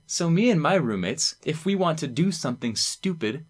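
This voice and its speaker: A man's voice: on the high side, sing-song, moderate pace, few pauses. A young man, a student presenter, talking casually and enthusiastically to camera, rambling and acting out quoted lines. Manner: enthusiastic, rambling, quoting lines in acted voices.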